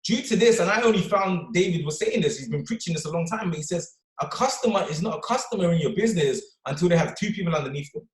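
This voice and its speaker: Man, motivational talk, rapid delivery, slightly high pitch, keeps asking "right?", echoey room. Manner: energetic, punctuates with "right?" and "okay?". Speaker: motivational speaker on a team call. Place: office or London.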